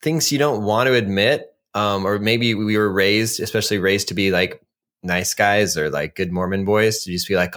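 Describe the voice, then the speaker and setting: A man's voice: low voice, normal speed, fairly bright tone. A young adult man co-hosting a podcast, easygoing and chatty, who laughs often and calls his friend "man" and "dude". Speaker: podcast co-host. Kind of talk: casual chat.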